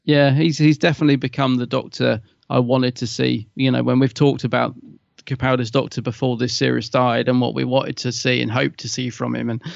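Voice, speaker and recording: Easygoing guy co-hosting a podcast, bit gravelly, sound a little muffled. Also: medium pitch, no echo. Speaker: podcast co-host. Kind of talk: casual review chat.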